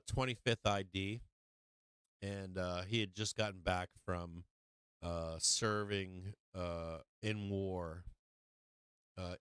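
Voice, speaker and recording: A man's voice: deep voice, fairly bright tone, smooth, no echo. A man hosting a live stream, telling a casual anecdote in a rambling way, full of fillers, swearing and laughs. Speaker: host of a stock market live stream.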